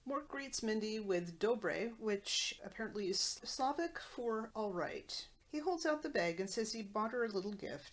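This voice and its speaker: A woman podcast host recapping a sitcom episode with wry commentary. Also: medium pitch.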